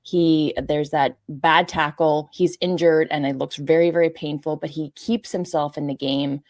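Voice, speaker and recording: A woman's voice: deep voice, steady tone, normal speed, darkish tone, no echo, clean studio sound. A woman hosting a sports podcast, steering the chat and reading out figures. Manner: steers the talk and reads out figures. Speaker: podcast host.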